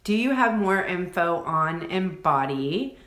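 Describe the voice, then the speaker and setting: A woman, talking in a low voice that bounces around an echoey room. She gushes over viewers' comments during a live coaching stream and drops casual swear words into her chatty answers. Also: animated, takes it slowly, a bit bright. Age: 40s.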